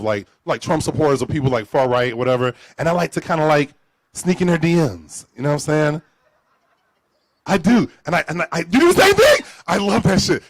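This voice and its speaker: A man telling a story live on stage at a storytelling event, profane and animated, acting out both sides of a conversation. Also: mid-range voice, no room sound. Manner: animated, profane, acts out dialogue.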